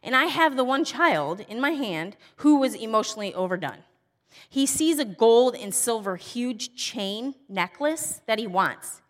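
A woman telling a funny personal story in a casual, exasperated, animated way. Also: a little high, unhurried. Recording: long hall reverb.

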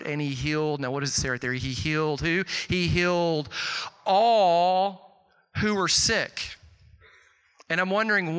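A middle-aged man preaching a sermon, telling stories with lots of "like" and jumping up loud and high when he quotes people. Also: clear, resonant tone. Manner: animated storytelling, swings loud and high on quotes, filler "like". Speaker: pastor. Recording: long hall reverb.

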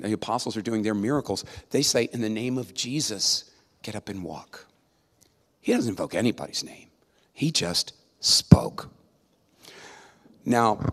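A man preaching a sermon in a conversational, emphatic way, often checking in with his listeners. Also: mid-range voice. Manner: conversational, emphatic, with tag questions. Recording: long reverb of a large hall.

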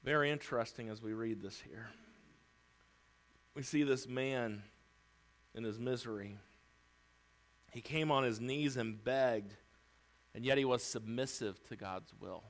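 A man preaching a sermon as pastor, emphatic, swinging between loud declarations and hushed lines, acting out pleas. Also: mid-range voice, measured pace, long pauses, low-quality recording. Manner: acts out Bible characters' pleas.

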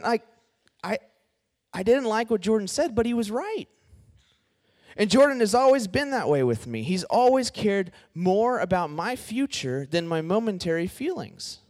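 A young man giving a casual, conversational sermon to a student group, animated and talking straight to his listeners. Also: sits high. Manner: conversational and animated, addresses the group as "y'all" and "guys". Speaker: campus ministry speaker.

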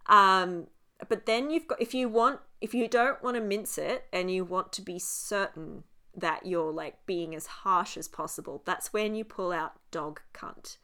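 A woman's voice: medium pitch, unhurried, bright, forceful tone. An Australian woman co-hosting a podcast, chatting casually and animatedly, swearing freely and laughing often. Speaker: podcast co-host.

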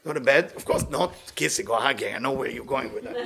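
A man giving a religious lecture, telling stories in an animated way and often laughing. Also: medium pitch, fast talker, creaky, a little hiss or hum. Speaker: Torah teacher.

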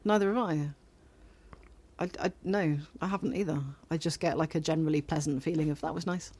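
A woman's voice: low voice, steady tone, fairly quick, a little mellow, husky, no echo. A woman co-hosting a podcast, talking in a chatty, meandering, teasing way. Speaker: podcast co-host. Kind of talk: casual chat.

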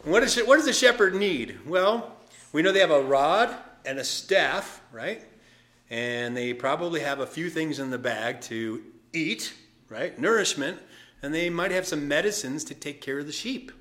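A male pastor preaching a sermon, telling the story lively and casually, with asides to the congregation. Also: a little high, normal speed. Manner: animated storytelling with acted voices and asides.

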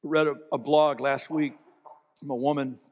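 A man from Ohio preaches with a slightly raised pitch, telling a story in an earnest tone that grows emphatic. His voice rings with the long reverb of a large hall. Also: normal speed. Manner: earnest storytelling that builds to animated, emphatic delivery. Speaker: pastor. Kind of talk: sermon.

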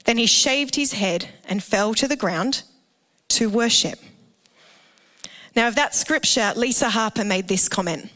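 An Australian woman pastor delivering a sermon, telling a family story with animated, jokey asides to the congregation. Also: on the high side, a little slow, long pauses. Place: church auditorium. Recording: reverberant hall.

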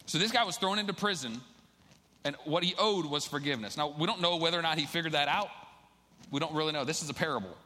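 A man's voice: a little high, fast, bright, forceful tone. A man preaching a sermon in a casual, conversational way, reading scripture aloud and then explaining it to the church. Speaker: pastor. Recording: long hall reverb.

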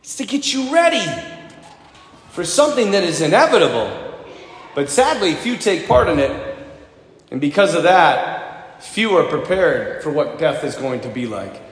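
A priest delivers a sermon with a high, bright pitch that swoops up and down as he tells his stories. His voice carries through a large church with a long, ringing reverb. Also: normal speed, pauses often. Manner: animated storyteller, acts out children's voices.

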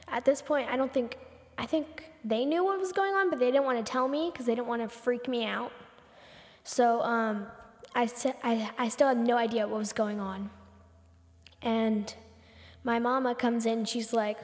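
Chatty teen girl, high voice. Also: normal speed, long reverb tail. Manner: breathless retelling full of "like" and repeats. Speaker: podcast host. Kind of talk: casual solo storytelling.

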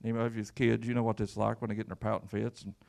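A man's voice: fairly low pitch, flat delivery, racing, gravelly, darkish tone. A man preaching a sermon as pastor, folksy and emphatic, with repeated words and call-outs to the congregation. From Kentucky.

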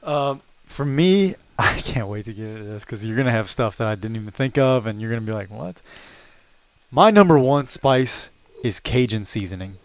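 Easygoing podcast man, smooth clear voice. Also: medium pitch, expressive, fairly quick, no room sound. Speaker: podcast co-host. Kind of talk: casual sports and food chat.

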